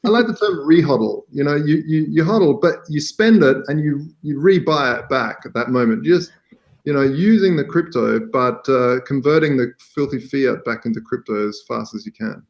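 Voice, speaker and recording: A man's voice: medium pitch, normal speed. A man co-hosting a podcast, laid-back with dry humor. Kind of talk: casual chat.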